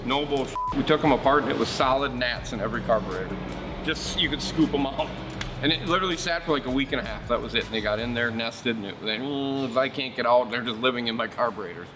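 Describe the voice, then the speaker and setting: A man hosting a marine service shop show, talking casually and bluntly about outboard motors, rambling through stories and swearing freely. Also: medium pitch.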